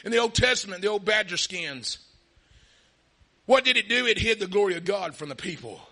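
Male preacher, gravelly and very bright, fervent shouting sermon delivery. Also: high voice, expressive, normal speed. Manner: impassioned, often shouting; calls out hallelujah and amen.

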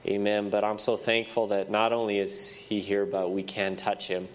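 A man's voice: fairly low pitch, level tone. Congested man preaching, amen after every line. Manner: repeats amen often, halting restarts. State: congested, stuffy head. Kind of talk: sermon. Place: church sanctuary. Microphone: microphone.

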